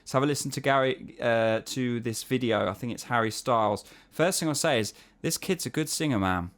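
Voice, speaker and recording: A male voice teacher walks through technique in a relaxed, conversational way. He breaks into quick sung syllables to demonstrate, then drops back to easy talk. His voice is smooth and resonant, sitting at a middle pitch. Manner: explains technique, then sings short vocal exercises to demonstrate; casual, chatty, uses "yeah?" and "man". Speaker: singing teacher. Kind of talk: online singing lesson answering viewer emails.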